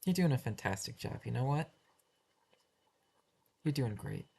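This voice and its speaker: A man's voice: mid-range voice, expressive, unhurried, creaky, warm tone, slightly rough, full character voice. A man voicing a flustered first-grade teacher who stumbles, restarts his sentences and keeps apologizing. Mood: patient. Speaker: schoolteacher taking roll call. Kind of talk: amateur animation voice acting.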